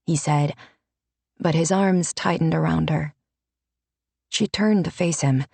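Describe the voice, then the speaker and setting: Brief: woman audiobook narrator, measured, dry studio. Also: low-pitched, fairly even intonation, a little mellow, dry recording. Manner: measured, unhurried.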